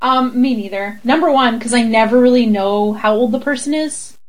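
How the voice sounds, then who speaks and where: A woman with a Canadian accent, co-hosting a casual chat, giggly and animated, often slipping into mock voices. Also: on the high side, normal speed, poor audio. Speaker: podcast co-host.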